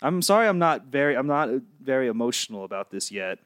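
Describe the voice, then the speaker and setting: A young man co-hosting a casual book club podcast, talking in a halting way with fillers as he gathers his thoughts. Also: mid-range voice, sing-song, fairly bright tone, no room sound, studio quality. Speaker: podcast co-host. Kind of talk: casual chat.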